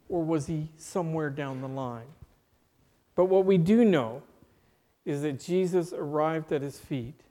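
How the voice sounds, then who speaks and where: Male preacher, sermon, unhurried and deliberate, with rhetorical questions; slightly high voice, long hall reverb. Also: warm tone.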